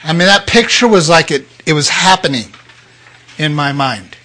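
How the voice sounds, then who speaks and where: An older man preaching with a high, bright voice. He tells his testimony with emotion, jumping from loud outbursts to near-whispered moments. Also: expressive, normal speed. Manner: emotional storytelling with sudden loud and hushed turns. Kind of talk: sermon testimony.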